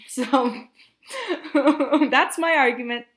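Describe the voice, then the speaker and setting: A woman's voice: sits high, very slow, a bit bright. A young adult woman hosting a casual movie podcast, chatty and rambling, laughing often. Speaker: podcast host.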